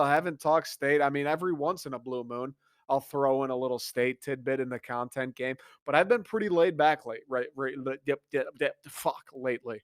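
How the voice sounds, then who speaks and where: Young male podcast host, mid-pitched, excitable and repetitive, dry close recording. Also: fairly quick, dry recording. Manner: fired-up, repetitive, swears casually. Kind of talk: casual sports podcast monologue.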